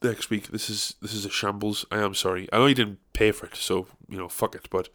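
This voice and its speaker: A man's voice: on the low side, steady tone, brisk, a bit bright. A young man hosting a solo podcast, rambling casually with crude, self-mocking jokes. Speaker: podcast host.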